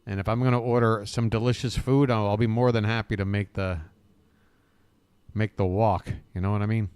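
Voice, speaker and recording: A rambling American man hosts a casual live stream and talks to his viewers in the chat by name. His voice sits low and sounds smooth and clear. The sound is dry and close, with almost no room echo. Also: steady tone, normal speed, a little mellow. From United States. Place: home abroad, living in Bangkok.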